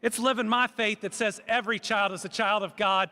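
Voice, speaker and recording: A man's voice: high voice, steady tone, a little fast, heavy background noise. A middle-aged man with a Kentucky accent giving an earnest, emphatic rally speech as governor. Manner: earnest, emphatic, preacherly cadence. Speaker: state governor. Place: large rotunda with a crowd. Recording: echoey rotunda with crowd.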